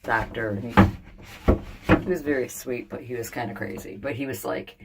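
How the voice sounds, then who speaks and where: An older woman vlogging in a sauna, thinking out loud in a blunt, candid, venting way. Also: a bass voice, normal speed, slight background noise. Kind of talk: casual vlog monologue.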